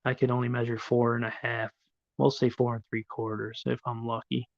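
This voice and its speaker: A man's voice: medium pitch, completely flat delivery, normal speed, creaky, no echo, lo-fi sound. A middle-aged man hosting a livestream, chatting casually with viewers in a rambling, profane way. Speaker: livestream host. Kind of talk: casual live chat, answering viewers.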